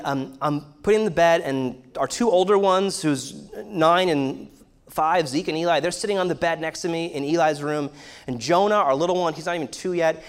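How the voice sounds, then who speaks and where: Earnest man explaining, slightly high voice. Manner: earnest, explanatory, many fillers. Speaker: speaker teaching on shame. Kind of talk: sermon-style talk.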